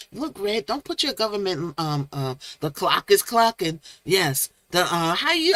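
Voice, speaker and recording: A woman's voice: medium pitch, big pitch swings, moderate pace, few pauses, a bit bright, dry recording. A woman hosting a casual live stream, chatting with viewers by name and coining playful made-up words. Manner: chatty, reads chat names aloud, playful made-up words.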